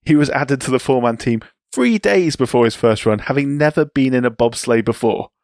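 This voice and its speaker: Guy on a podcast running thru sports history, bit gravelly, dry room. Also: mid-range voice, a little fast, no echo. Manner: relaxed storytelling, reading sports history with asides. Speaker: podcast co-host. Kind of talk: casual chat.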